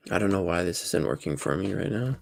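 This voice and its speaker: A man's voice: sits low, fast talker, gravelly, a little hiss or hum. A man hosting a casual live watch-along, groggy and dry-throated from just waking up, rambling and flustered as he talks to himself and his chat. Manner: rambling, self-talking, flustered. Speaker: livestream host. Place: home room at a desk.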